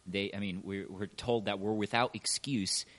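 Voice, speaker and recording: A man's voice: fairly low pitch, steady tone, normal speed, fairly bright tone. A man sharing his thoughts in a group Bible discussion, stumbling and repeating words as he gets going. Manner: hesitant, repeats words as he starts sentences. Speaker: study group participant. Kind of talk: casual discussion.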